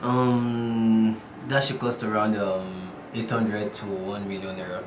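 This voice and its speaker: A laid-back, teasing friend who takes his time over every reply. His voice is lowish and very slow, set in an echoey room with a noisy hum behind it. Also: little pitch movement. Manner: slow, unhurried replies.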